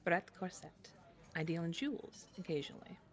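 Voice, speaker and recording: Woman playing a cunning jewel swindler, poised, flattering, low voice. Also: moderate pace, lightly acted.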